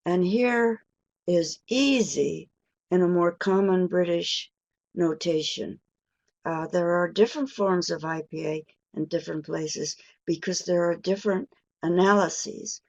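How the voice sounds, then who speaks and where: A woman's voice: lowish voice, a little slow, a little mellow. An older woman giving a pronunciation webinar, patient with her listeners, stretching out stressed vowels as she demonstrates words. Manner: patient and encouraging with the audience. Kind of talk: slow, deliberate lecture.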